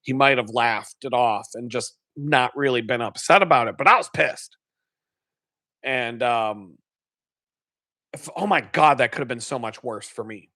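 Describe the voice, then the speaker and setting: A man's voice: medium pitch, measured pace, sharp tone, dry recording, clean studio sound. A man hosting a live stream, chatting casually and telling a story full of swearing, acting out his own angry outbursts. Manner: swears heavily. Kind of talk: casual chat.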